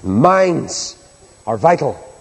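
A man preaching a sermon to a large congregation, swinging between loud exhortation and hushed appeal. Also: on the high side, sing-song, very slow. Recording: long hall reverb.

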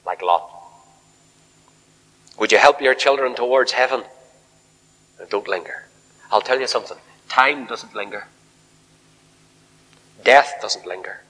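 A man preaching a fiery revival sermon in a large church hall, swinging from shouted appeals to hushed near-whispers. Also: mid-range voice, measured pace, long pauses, husky.

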